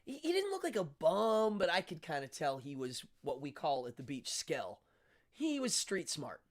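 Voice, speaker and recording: A middle-aged man chats with his live audience and tells a story with plenty of energy. His pitch rises and falls widely as he acts out each person's lines, and he often stops and starts mid-sentence. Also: normal speed. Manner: animated storytelling, acts out dialogue, frequent restarts. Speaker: livestream host. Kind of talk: casual chat with live viewers.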